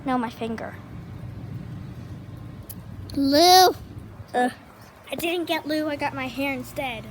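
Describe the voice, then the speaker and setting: A female vlogger chatting casually at home, rambling and cooing at her dogs in a high voice. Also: moderate pace. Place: home, indoors and out in the rain. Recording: noisy home video with rain noise.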